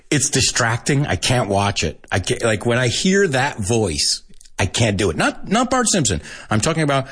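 An American man with a husky, slightly breathy voice hosts a casual language lesson. His pitch swings widely as he explains, and he keeps chuckling between points. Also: moderate pace. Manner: animated, chuckles often, switches between English and Spanish. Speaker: language teacher and podcast host.

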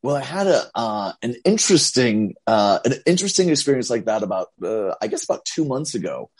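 A man who teaches English online, chatting casually and telling lively stories, acting out the voices of the people in them. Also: mid-range voice, brisk, slightly rough. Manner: animated storyteller, acts out quoted voices. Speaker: English teacher and content creator. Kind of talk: casual chat.

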